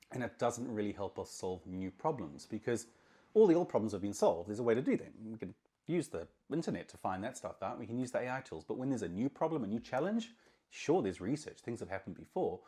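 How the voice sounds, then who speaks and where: Low-voiced man lecturing casually to camera. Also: darkish tone. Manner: emphatic, conversational, with repeated words. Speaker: marketing consultant, podcast host.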